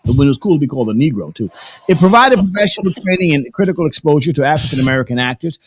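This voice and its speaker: A man hosting a casual live stream, telling loud, profane stories with lots of laughter and sing-song bits. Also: fairly high pitch, expressive, racing, husky, no echo, soft background music. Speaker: host.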